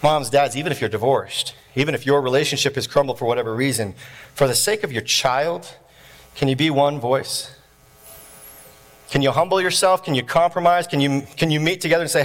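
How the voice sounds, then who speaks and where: A man preaching a sermon in an animated, jokey way, laughing often between points. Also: mid-range voice, normal speed. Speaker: pastor.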